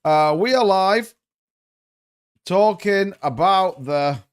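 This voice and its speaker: A man's voice: high-pitched, lively intonation, takes it slowly, clean tone. A man hosting a crypto livestream, chatting casually and greeting viewers by name.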